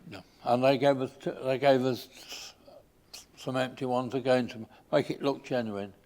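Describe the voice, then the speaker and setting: An older man from England giving an informal slide talk, pausing often with fillers and restarts. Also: mid-range voice, steady tone, darkish tone. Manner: halting, with many fillers and restarts.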